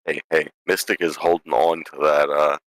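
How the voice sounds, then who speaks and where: A man chatting as a tabletop game player, joking and teasing, quick to laugh. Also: extremely low pitch, little pitch movement, fairly bright tone, no echo. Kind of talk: casual podcast chat.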